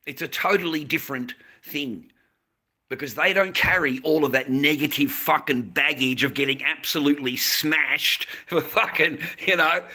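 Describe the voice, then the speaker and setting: A man's voice: fairly high pitch, moderate pace, pushed and bright. A man ranting on a live stream, rambling, repeating himself and swearing freely. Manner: rambling, repetitive, profane. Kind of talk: casual live-stream rant.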